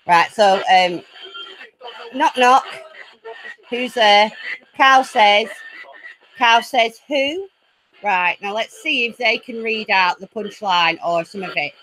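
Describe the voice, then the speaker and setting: A woman hosting her own paranormal channel from home, chatty and easily excited, laughing often as she talks to her viewers. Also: medium pitch, slow, long pauses, low-quality recording. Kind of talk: casual live chat. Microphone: laptop.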